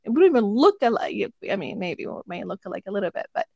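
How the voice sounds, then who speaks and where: A woman and parent chatting casually, telling animated stories and acting out quotes. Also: medium pitch, fast, gravelly, dry recording, highs cut off. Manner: animated storyteller who acts out quotes. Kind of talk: casual chat.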